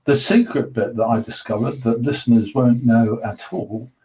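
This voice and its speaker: A man chats with a local radio host and asks him about his past. He teases him with dry humour, in a mellow, warm voice. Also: medium pitch, moderate pace, low-quality recording. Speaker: guest host, interviewer. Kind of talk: casual radio chat.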